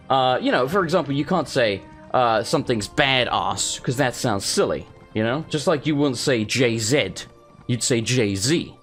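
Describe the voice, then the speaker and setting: A man from England hosting a let's play, giving casual, rambling commentary full of swearing and side rants. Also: mid-range voice. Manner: rambling, swearing, animated asides.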